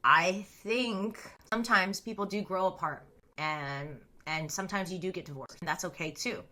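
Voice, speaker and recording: A woman's voice: lowish voice, moderate pace, bright, forceful tone. A woman chatting candidly and casually, telling stories to her viewers with frequent laughter and many fillers. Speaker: streamer and storyteller. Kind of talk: casual unfiltered storytelling chat.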